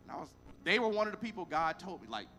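A pastor with a very high, bright, forceful voice tells a testimony from the pulpit. He is animated and emphatic, playing out every side of the conversation. Soft music plays faintly behind him. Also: quick pace. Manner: animated, acts out both sides of conversations, emphatic. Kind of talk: storytelling sermon.

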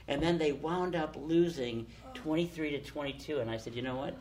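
An older man telling casual anecdotes, animated, acting out the people he quotes. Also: on the high side, brisk, very noisy. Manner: animated storyteller, acts out quotes. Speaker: storyteller guest.

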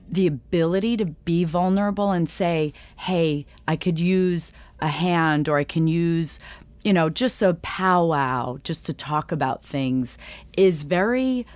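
A woman's voice: low voice, darkish tone, no room sound. A woman, a coach, speaking in casual chat in an encouraging, reflective way.

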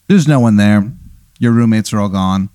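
A man's voice: fairly low pitch, moderate pace, warm tone, clear, resonant tone, no echo, studio quality. A man hosting a casual podcast chat, telling a rambling hypothetical story with many fillers. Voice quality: meandering with many uhs and profanity. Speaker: podcast host posing a hypothetical.

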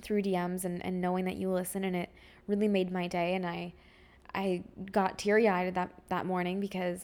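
A young woman hosts her own podcast and talks to her listeners in a loose, heartfelt way, full of fillers and restarts. Her voice sits fairly low and stays quite even in pitch. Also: normal speed. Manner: heartfelt, rambling, with many fillers. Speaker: podcast host. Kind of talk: casual solo podcast update.

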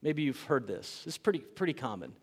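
A man's voice: medium pitch, big pitch swings, brisk, a little mellow, slightly rough, long reverb tail. A man preaching a sermon as pastor, earnest and emphatic, repeating key phrases for weight.

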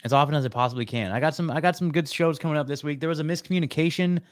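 Chatty podcast host, casual and dry. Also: male voice, on the high side, racing, no echo. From US West Coast. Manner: chatty, repeats words, calls people man and dude. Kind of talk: casual call-in chat.

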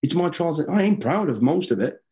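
A middle-aged man, a guest in an interview, telling stories in a lively way, swearing freely and acting out what people said. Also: a little high, moderate pace. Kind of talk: casual interview storytelling.

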